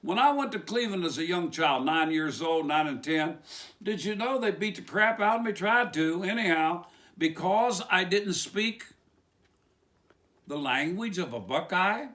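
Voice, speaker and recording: A man's voice: high voice, animated, a little slow, a bit bright. A man from West Virginia with a West Virginia accent, preaching an informal sermon in a rambling way full of rhetorical questions.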